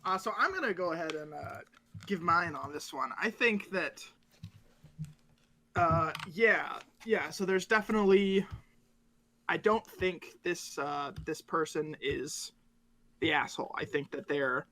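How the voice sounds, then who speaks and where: A man co-hosting a podcast in casual chat, with a halting, filler-heavy way of giving his opinion. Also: fairly high pitch, bright, forceful tone, slight background noise. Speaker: podcast co-host.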